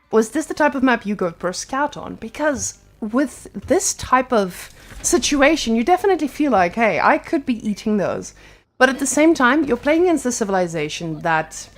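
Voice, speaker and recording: Brief: woman caster, higher voice, playful, jokey live game commentary. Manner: playful, joking. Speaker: esports caster.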